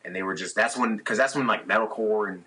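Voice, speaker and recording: A man's voice: fairly low pitch, fast, sharp tone, breathy edge, poor audio. A young man, a guest on a podcast, telling a tour story in casual, profane chat and acting out his own past lines. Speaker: podcast guest, touring musician.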